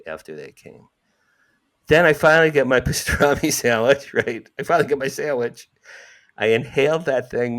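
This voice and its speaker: A man, telling a personal story as an interview guest, acting out quotes with sudden jumps in pitch. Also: fairly bright tone.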